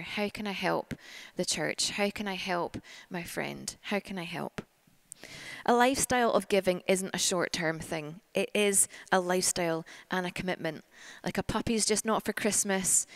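A woman preaching a sermon at a church service, earnest and warm-hearted, moved to tears at times. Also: on the low side, no room sound. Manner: earnest, gets emotional and laughs through tears.

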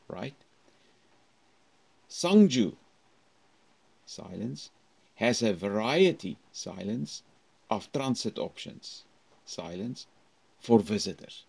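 A male university lecturer with a low, gravelly voice giving a recorded English lesson. He talks slowly and haltingly, with many fillers. His pitch swings widely as he models each phrase. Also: a little mellow. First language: Afrikaans. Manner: slow, halting teaching talk with fillers and demonstrated phrasing.

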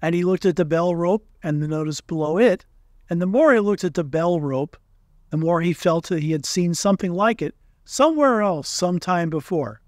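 A man narrating a children's storybook in a calm, measured way. His voice sits slightly high. It is recorded close and dry, with no room sound. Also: dry recording. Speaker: audiobook reader.

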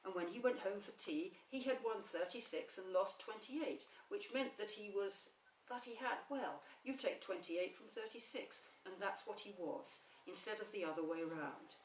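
A woman reading a children's story aloud in a gentle, unhurried storytelling manner. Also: mid-range voice. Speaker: storybook reader. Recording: roomy, slightly distant, faint hum.

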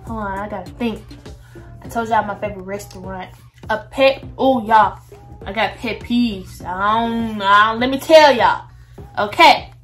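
A woman's voice: mid-range voice, measured pace, soft background music. A young woman, chatting casually to her viewers in a get-to-know-me vlog. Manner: chatty, addresses viewers as "y'all". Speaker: vlogger.

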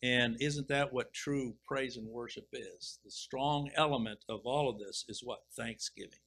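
Bright-voiced pastor preaching a sermon. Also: male voice, medium pitch, creaky, low-quality recording. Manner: reads scripture slowly and deliberately, then comments with emphatic swells. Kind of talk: expository sermon reading and explaining scripture.

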